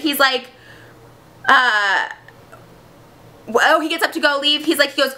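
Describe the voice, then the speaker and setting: A woman retelling a film in a casual, animated and giggly way. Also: high voice, moderate pace, pauses often.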